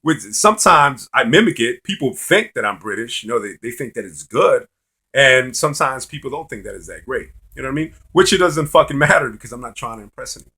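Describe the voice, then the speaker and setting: A man's voice: medium pitch, expressive, brisk, pushed and bright, husky. A man vlogging dating advice as a loose, profane, rambling story told in casual talk.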